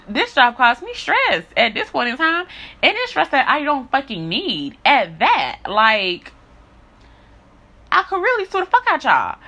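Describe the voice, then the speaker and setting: A woman's voice: mid-range voice, bright, forceful tone. A young woman speaking in a blunt, heated, profane monologue rant to her followers. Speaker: social media creator.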